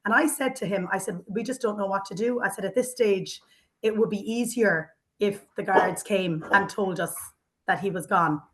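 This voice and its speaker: A middle-aged woman with an Irish accent talks earnestly and from the heart. Her voice sits at a middle pitch, and she pauses on fillers and restarts. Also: a bit bright. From Ireland. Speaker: housing association manager. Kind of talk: personal reflection in an interview.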